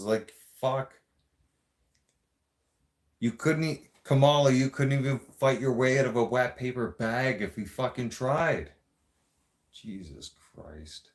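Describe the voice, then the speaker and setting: This vlogger, a man from the Greater Toronto Area with a Toronto Canadian accent, launches into a profane, sarcastic, blunt rant to camera. His medium-pitched voice moves slowly, broken by long pauses.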